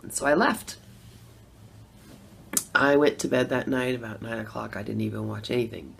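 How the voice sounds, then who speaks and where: A woman's voice: rumbling low, moderate pace, creaky, breathy edge. A middle-aged woman telling a personal story in a casual, conversational way. She laughs often and acts out her own reactions. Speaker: former Democrat voter telling her story.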